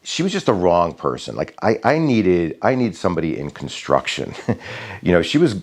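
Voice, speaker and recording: A man's voice: low-pitched, normal speed. A middle-aged man telling a rambling, casual story about his backyard, with many fillers and restarts. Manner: rambling, many fillers and restarts, animated when quoting others.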